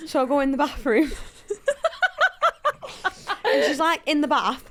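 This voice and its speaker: Brief: woman, podcast co-host, lively storyteller, fairly high voice. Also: a little slow, pauses often, slight background noise. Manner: animated storytelling, acting out quotes. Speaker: co-host, footballer. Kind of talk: casual podcast chat.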